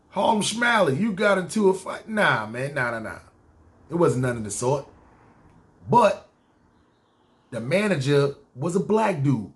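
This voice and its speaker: A man with a New York accent telling his own story casually on a podcast, slangy and animated. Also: on the high side. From New York City.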